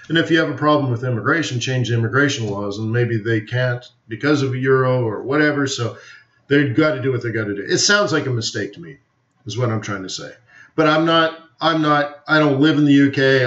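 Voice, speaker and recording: Over roomy, dull lo-fi stream audio, a man with a medium-pitched, slightly bright voice runs a live forex webinar. His commentary is casual and rambling, full of opinions, jokes, and filler words.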